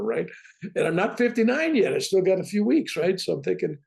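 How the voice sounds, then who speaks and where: A man in his seventies, a guest on a talk show, telling his own story in a lively way and often asking "right?". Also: high-pitched, fairly quick, creaky. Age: 70s. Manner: lively, keeps tagging "right?" onto his points. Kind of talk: animated personal storytelling.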